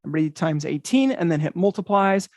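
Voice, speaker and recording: A man's voice: a little high, expressive, fast talker, a little mellow, dry recording, clean studio sound. A man hosting an interactive magic show over a video call, talking to the audience with upbeat, enthusiastic patter. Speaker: magician and host.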